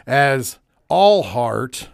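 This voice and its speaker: A man's voice: mid-range voice, sing-song, extremely slow, gravelly, no echo, clean studio sound. A man hosting a casual wrestling recap, talking with enthusiastic, profane, rambling energy and plenty of fillers. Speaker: wrestling podcast host.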